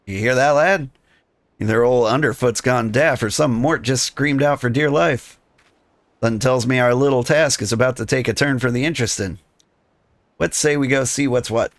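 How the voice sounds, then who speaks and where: A man reading a gruff male rogue guild thief who talks in conspiratorial thieves' slang. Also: medium pitch, normal speed, no echo, lightly acted. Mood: scheming.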